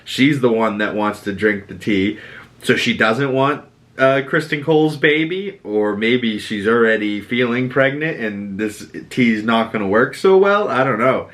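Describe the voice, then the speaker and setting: A man with a Boston accent recapping a TV episode as a podcast host, animated and sweary, acting out characters' lines. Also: measured pace. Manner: animated, quotes characters with dramatic pitch jumps and swearing. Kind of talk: casual recap monologue.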